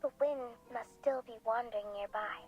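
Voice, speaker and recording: A frail, soft-spoken woman on a game's phone line, voiced by an actress. She speaks politely and in measured phrases, her pitch a touch high. Game music plays faintly behind. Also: lightly acted. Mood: hushed.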